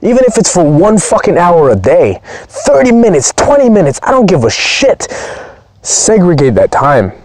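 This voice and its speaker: A man's voice: high-pitched, huge pitch swings, normal speed, darkish tone, dry recording. A man speaking as a performance coach, giving a blunt, profane, pumped-up motivational training talk.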